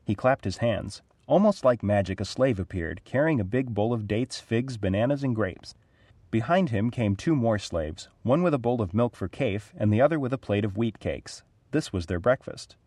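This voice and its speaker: A man narrating a storybook aloud in a clear, even read-aloud delivery. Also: lowish voice, moderate pace, dry recording.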